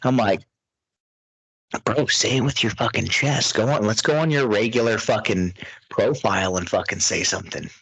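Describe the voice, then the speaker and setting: A man co-hosting a podcast, talking in a brash, profane, animated way. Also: lowish voice, normal speed, vocal fry, slightly rough. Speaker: podcast co-host, gym worker. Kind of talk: casual chat.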